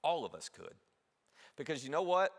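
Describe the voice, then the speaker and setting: Lively male pastor preaching in a hall. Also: on the high side, moderate pace, creaky. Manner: animated storytelling, asks the audience questions. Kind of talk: sermon. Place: large church hall. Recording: long reverb of a big hall.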